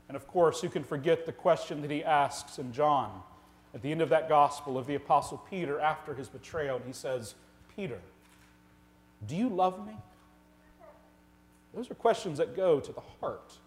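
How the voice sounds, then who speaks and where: In his church sanctuary, a pastor with a voice on the high side preaches an earnest sermon packed with rhetorical questions. He swings between loud emphasis and quiet, slow lines.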